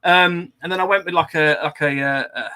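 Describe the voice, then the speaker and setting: A man tells a story on a podcast in loose, chatty talk, full of ums and little laughs. His voice sits a touch high and sounds bright and forward. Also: steady tone, a little fast, smooth. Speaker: podcast host. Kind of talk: casual chat, anecdote.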